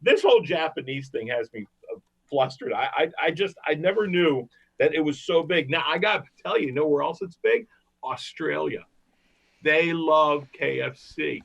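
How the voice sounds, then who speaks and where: A man's voice: on the high side, animated, brisk, creaky, fairly bright tone, slightly rough. A man hosting a comedy podcast, telling rambling jokey stories. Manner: joking, rambling storyteller. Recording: dull lo-fi recording.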